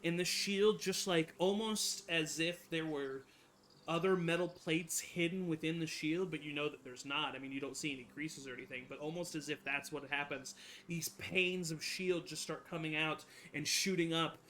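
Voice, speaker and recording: Male game master narrating a tabletop game, kinda high voice, lots of ums and restarts. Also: steady tone, a bit bright, a little hiss or hum. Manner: halting, many fillers, self-correcting.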